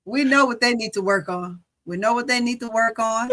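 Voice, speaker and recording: A woman's voice: fairly high pitch, brisk, sharp tone. A woman co-hosting a casual sports talk show, reading scores and teasing her co-host with frequent laughter. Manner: playful, teasing, laughs often.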